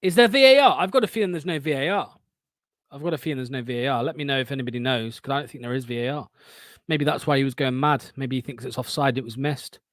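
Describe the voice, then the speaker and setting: A man, hosting a fan watchalong stream and giving excitable, sweary live match commentary. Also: mid-range voice, fast talker, no room sound.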